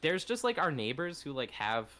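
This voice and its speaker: A man's voice: a little high, big pitch swings, pushed and bright. A man co-hosting a podcast from home, talking in a laid-back way with many fillers. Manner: laid-back, filler-heavy, quick to laugh along. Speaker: podcast co-host. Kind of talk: casual chat.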